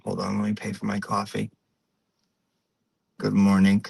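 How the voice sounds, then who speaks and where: A man's voice: mid-range voice, expressive, a bit bright, slight background noise, rough recording. Auntie Deb: a man playing a chatty mom. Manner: rambling, gossipy, drawn-out. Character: chatty middle-aged Portuguese-American mom on her morning drive. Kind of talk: comedic character monologue.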